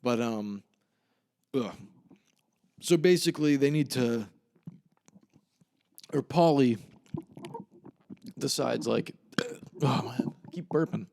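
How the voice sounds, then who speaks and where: A man's voice: mid-range voice, takes it slowly, creaky, long pauses, a little mellow. Rambling, profane young man on a podcast. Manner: rambling, profane, laughs at his own retelling. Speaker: podcast host. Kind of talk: casual solo podcast chat.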